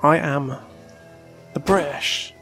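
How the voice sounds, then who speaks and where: Male gameplay commentator, goofy and excitable, higher-pitched, light music under him. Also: slow pace. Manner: joking, loud outbursts, rambling.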